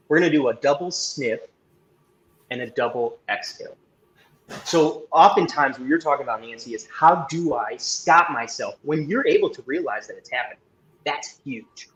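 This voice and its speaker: A man's voice: medium pitch, lively intonation, brisk, fairly bright tone, highs cut off. A man appearing as a guest, explaining and guiding a breathing exercise in an instructive, coaching way. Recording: roomy echo.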